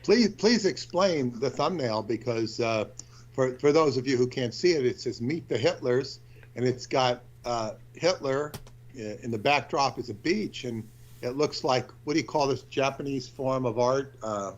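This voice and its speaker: A man's voice: mid-range voice, normal speed, dull audio. A man co-hosting a talk show, speaking hesitantly and searching for words. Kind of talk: casual chat.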